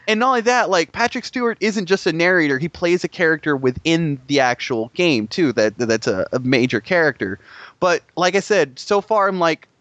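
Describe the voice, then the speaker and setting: A young man gushes about video games in a rambling, profane, excitable way. His voice sits a little high and sounds dry and close, with no room around it. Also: moderate pace, no echo. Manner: excitable, rambling, swears a lot. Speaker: gaming podcast co-host. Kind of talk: casual profane chat.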